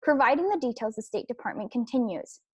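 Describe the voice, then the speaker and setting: A woman's voice: a little high, lively intonation, fast, husky, no echo. A young adult woman hosting an opinion podcast, talking emphatically and repeating herself, with frequent restarts and fillers. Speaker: podcast host.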